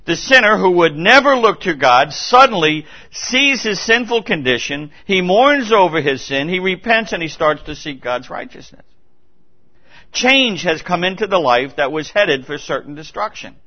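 A man's voice: sits high, expressive, moderate pace. A man preaching a sermon in a church, earnest and emphatic, repeating his key points and restarting phrases as he goes. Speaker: pastor. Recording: dull lo-fi recording.

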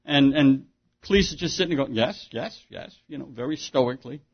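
A man's voice: medium pitch, fairly quick, husky. A man preaching a sermon as pastor, in a conversational way with rhetorical questions and frequent restarts. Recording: dull lo-fi sermon recording.

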